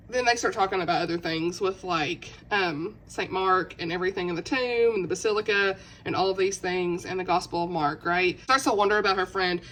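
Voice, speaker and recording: A woman's voice: fairly low pitch, a bit bright, a little hiss or hum, poor audio. A woman vlogging at home about a book, chatting casually with lots of fillers and giggles, reading passages aloud.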